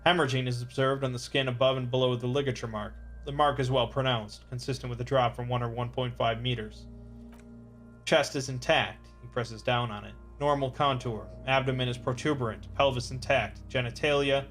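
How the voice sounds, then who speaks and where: A man's voice: medium pitch, steady tone, brisk, a bit bright, faint music behind. Man reading game text aloud. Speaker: let's play narrator.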